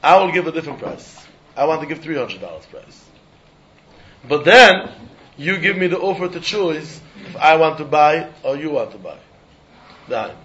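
Animated Talmud teacher with lilt. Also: male voice, a little high, normal speed, long pauses, lo-fi sound. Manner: sing-song study-hall explaining, acting out both sides of a deal. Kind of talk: animated Talmud class lecture.

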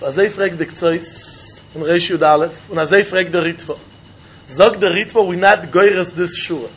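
A man teaching a Talmud lesson in an animated, sing-song way, often laughing. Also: high-pitched, slight background noise. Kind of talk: Talmud study lecture. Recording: dull lo-fi recording.

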